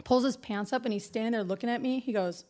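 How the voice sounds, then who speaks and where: A woman from the United States co-hosting a podcast, telling a story in an animated way, swearing freely and laughing as she goes. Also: on the high side, fast talker. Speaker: podcast co-host. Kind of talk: casual chat, storytelling.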